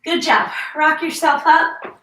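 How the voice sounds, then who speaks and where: Breathy high woman coaching a workout. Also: level tone, slow, fairly bright tone. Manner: encouraging, counts reps, explains form. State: out of breath, sighing between sets. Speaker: fitness instructor. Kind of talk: workout instruction. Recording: echoey room, mic at a distance.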